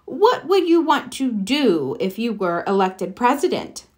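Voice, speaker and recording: A woman voicing a patient, gentle schoolteacher in a storybook reading. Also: fairly high pitch, sing-song, measured pace.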